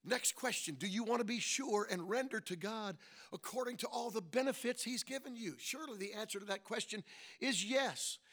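High-voiced man preaching with emphatic amens. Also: moderate pace. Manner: preaching with frequent amens and rhetorical questions; swings between soft and loud emphatic lines. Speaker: pastor. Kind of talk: sermon.

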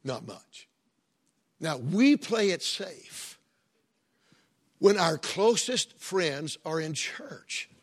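Folksy pastor, husky voice. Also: male voice, a little high, very animated, very slow, pauses often. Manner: folksy, conversational preaching with joking asides. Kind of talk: sermon.

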